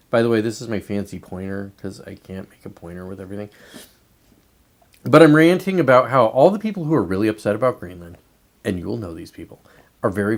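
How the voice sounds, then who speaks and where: A man ranting on politics in a brash, profane casual livestream style, talking to viewers and pointing at a map. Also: medium pitch. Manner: brash, swearing, talks to a pointer and chat. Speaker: livestream host.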